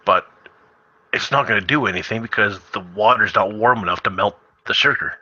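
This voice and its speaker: Bright-voiced Canadian man telling stories. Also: lowish voice, brisk, dry recording, dull audio. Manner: rambling storyteller with many fillers. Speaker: host. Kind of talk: casual chat.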